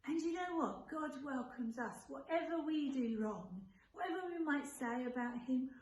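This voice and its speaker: A woman leading a children's church session, explaining the meaning of a Bible story in a gentle, earnest way. Her voice sits slightly high. The room echoes, with a faint hum of noise behind her. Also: lively intonation, normal speed, lo-fi sound.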